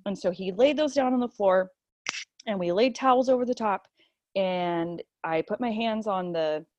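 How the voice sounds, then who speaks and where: Animated woman telling a personal story. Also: medium pitch, moderate pace, a little hiss or hum. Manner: animated, acts out quotes, many fillers. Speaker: interview guest telling a birth story. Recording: dull, lo-fi, dry.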